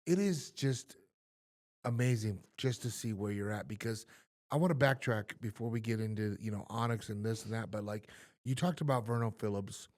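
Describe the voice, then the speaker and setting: A man's voice: fairly low pitch, moderate pace. A man, a host and former boxer, chatting casually with frequent affirmations and fillers. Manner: warm affirming, frequent "yeah" and "you know". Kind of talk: casual interview chat.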